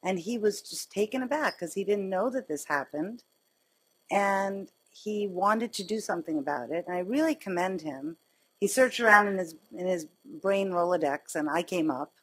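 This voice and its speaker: Husky woman surgeon telling stories. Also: mid-range voice, moderate pace, poor audio. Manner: conversational, animated storytelling with laughs. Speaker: surgeon giving a grand rounds lecture. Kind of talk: lecture with personal stories. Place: lecture hall.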